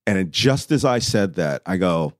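Low-voiced middle-aged man telling a story. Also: expressive, moderate pace, dry recording, studio quality. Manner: vivid, acts out his own past lines, loudly at times. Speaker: podcast guest. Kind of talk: conversational storytelling.

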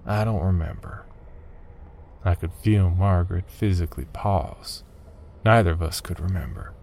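A man narrating a first-person horror story, turning tense and urgent when his character shouts. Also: sits low, a little hiss or hum.

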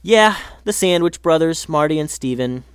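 A man's voice: on the high side, animated, moderate pace, clean tone, no echo, clean studio sound, pitched above the performer's own voice, natural voice. A man voicing a friendly, easygoing boy with an upbeat manner.

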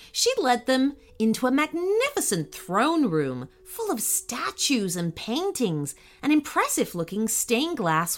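A woman narrating a children's story in a slow, expressive way. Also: fairly high pitch.

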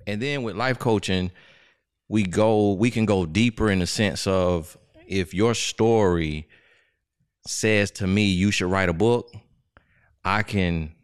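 A man's voice: fairly low pitch, takes it slowly, clear, resonant tone, dry recording, studio quality. A man in his thirties from Florida with a Southern accent, a guest life coach chatting casually and telling stories. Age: 30s. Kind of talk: casual podcast chat.

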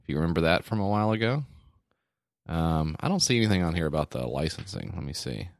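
A man's voice: low-pitched, expressive, quick pace, creaky, no room sound, clean studio sound. A man co-hosting a podcast in loose, casual chat, full of "like" fillers and reading text aloud. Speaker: podcast co-host.

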